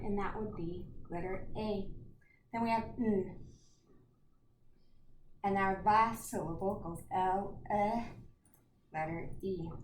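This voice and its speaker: A woman teaching a children's phonics lesson, slowly breaking words into single sounds and matching them to letters. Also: medium pitch. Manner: slow, segments words into sounds. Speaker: storytime teacher. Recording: echoey room, faint noise.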